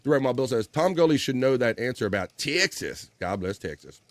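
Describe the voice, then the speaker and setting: Laughing livestream host reading chat. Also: male voice, mid-range voice, sing-song, a little fast, no echo. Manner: laughs often, reads chat aloud, swears casually. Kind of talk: casual chat reading live comments.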